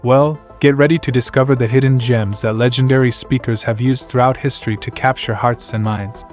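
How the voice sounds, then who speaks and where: A man reads a scripted lesson in a mid-range voice. He moves through numbered points in a measured, announcer-like way, with faint music playing underneath. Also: mid-range voice, steady tone. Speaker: narrator. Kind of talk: scripted narration.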